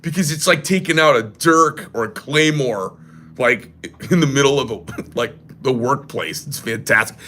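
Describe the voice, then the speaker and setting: A man's voice: mid-range voice, normal speed, pushed and bright. A man who makes knives hosting a casual livestream, rambling and joking crudely. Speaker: knife maker and shop host.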